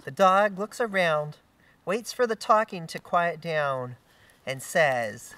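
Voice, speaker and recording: Slow, distant adult telling a joke. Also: mid-range voice, pushed and bright, no room sound. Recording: distant from the mic.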